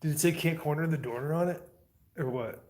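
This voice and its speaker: A man's voice: fairly high pitch, a little fast, darkish tone. A man livestreaming, rambling loosely and swearing as he answers his chat. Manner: profane.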